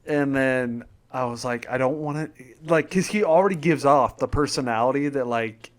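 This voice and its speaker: A young man hosting a casual podcast, telling stories in an animated way and acting out quoted lines. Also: medium pitch, normal speed. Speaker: podcast host.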